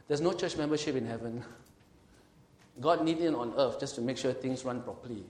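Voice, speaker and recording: A male pastor with a mid-range voice delivers an emphatic sermon in a hall with roomy echo. He slows down and swells on scripture, putting questions to the congregation.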